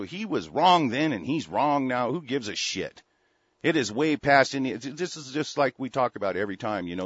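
Husky-voiced angry American male broadcaster. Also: medium pitch, fairly bright tone, dry recording. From United States. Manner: profane, halting, many fillers and restarts. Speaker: broadcast host. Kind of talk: angry news commentary. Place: seated at a desk. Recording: dry, dull lo-fi audio.

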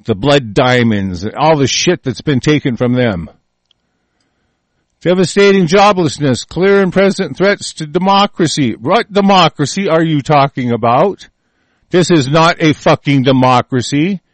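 A man's voice: on the high side, expressive, a little slow, no echo. A man delivering a heated, profane political rant, stumbling over his words.

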